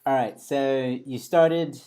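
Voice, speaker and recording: A man's voice: medium pitch, steady tone, slow pace, dark tone, smooth. A man hosting a casual interview, easygoing and laughing often as he asks questions. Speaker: host.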